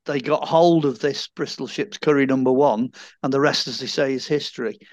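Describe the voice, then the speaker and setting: A man's voice: medium pitch, moderate pace, no room sound, highs cut off. A man on a casual podcast, eagerly sharing nerdy history trivia.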